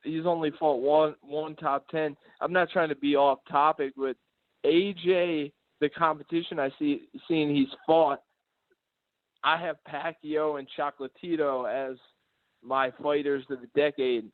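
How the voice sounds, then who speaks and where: A man's voice: fairly high pitch, fairly even intonation, unhurried, dry recording. A man calling into a boxing show, earnest and hesitant, with frequent ums as he makes his case. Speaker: caller. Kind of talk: call-in boxing opinion. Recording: phone line.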